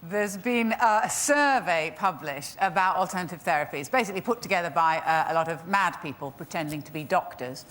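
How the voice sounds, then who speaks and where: A woman's voice: lowish voice, a little fast, few pauses, a bit bright. A woman comedian doing a dry, matter-of-fact stand-up bit on a panel show.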